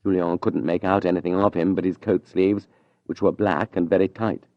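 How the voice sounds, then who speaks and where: Low-voiced man narrating an audiobook. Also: steady tone, moderate pace, no echo, highs cut off.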